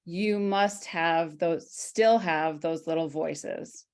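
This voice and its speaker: A woman hosts an interview with a somewhat low voice and an unhurried, deliberate pace. She frames her questions thoughtfully and restarts them as she works them out. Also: a little mellow. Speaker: interview host.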